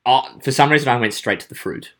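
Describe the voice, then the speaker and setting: A man with a lively, bouncing voice, throwing out guesses during a friendly quiz. He talks in an animated, playful way and laughs easily. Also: medium pitch, quick pace. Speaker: quiz contestant. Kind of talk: casual chat.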